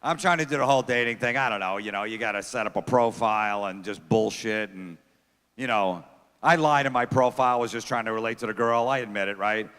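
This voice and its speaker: A man doing a crude, deadpan stand-up comedy set, riffing with the crowd from a theater stage. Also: on the low side, brisk, clean tone. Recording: long theater reverb.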